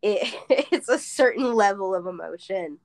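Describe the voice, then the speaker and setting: A woman's voice: medium pitch, lively intonation, unhurried, darkish tone. A woman chatting casually, laughing often and filling her talk with "like". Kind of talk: casual chat.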